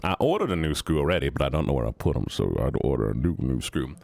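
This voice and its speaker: A young man with a very deep voice that swings widely in pitch, chatting playfully and rambling to his stream viewers. He holds the microphone in his hand, and the sound is close and dry. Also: animated, very fast, creaky, a little mellow, no echo. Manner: playful, rambling, teasing chat. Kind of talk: casual chat with viewers. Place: home streaming setup. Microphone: handheld studio microphone.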